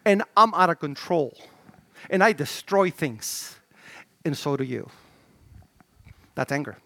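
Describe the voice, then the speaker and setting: A middle-aged male pastor gives a slow-paced sermon, animated and conversational, in a dry recording. He restarts with stammers and swings from shouting to low murmurs.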